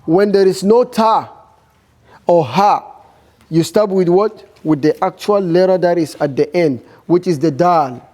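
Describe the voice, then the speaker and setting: Slow high-voiced male teacher. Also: a little mellow. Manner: slow, repetitive, questioning students. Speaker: Arabic teacher. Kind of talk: classroom teaching.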